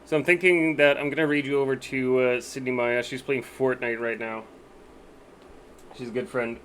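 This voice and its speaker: A man's voice: medium pitch, steady tone, moderate pace, a bit bright, a little hiss or hum. A man live-streaming a game, chatting casually with his viewers and thinking aloud about what to buy.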